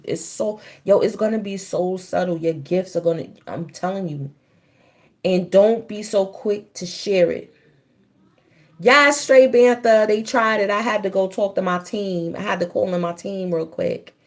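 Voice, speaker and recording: A woman's voice: mid-range voice, a little slow. A woman giving a casual spiritual reading on a livestream, in a loose, chatty way. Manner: loose and chatty, breaks off to scold children.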